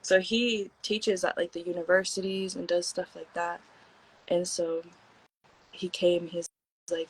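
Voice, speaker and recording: A young woman from Hawaii chats as a podcast guest, rambling through her stories in a relaxed, slangy way. Her voice sits a little low for a woman, and she fills her talk with "like" while acting out what people said. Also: a little slow, breathy edge, poor audio. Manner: laid-back, slangy, many "like" fillers, acts out quotes. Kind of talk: casual storytelling chat.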